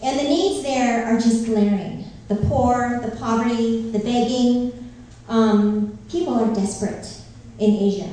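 A woman's voice: fairly high pitch, fairly even intonation, unhurried, mellow. A middle-aged woman from Northern California giving a heartfelt church testimony as a missionary speaker, with a few ums along the way. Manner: earnest, heartfelt storytelling with many fillers. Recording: very echoey hall, from far off.

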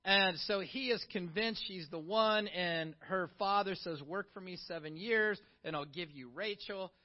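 A middle-aged man preaching a sermon in a conversational, animated way, full of rhetorical questions to the congregation. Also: high voice, a little slow. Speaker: pastor. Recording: dull lo-fi sound.

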